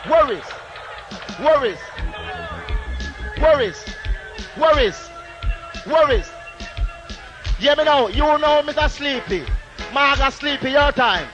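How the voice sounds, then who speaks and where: A Jamaican man deejaying live at a sound system dance, his voice sitting very high as he chants rhymes and taunts a rival on the mic. It comes from a muffled, lo-fi 1980s tape with loud reggae music running under every word. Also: expressive, takes it slowly, long pauses. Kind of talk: live dancehall toasting over records. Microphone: handheld sound system mic.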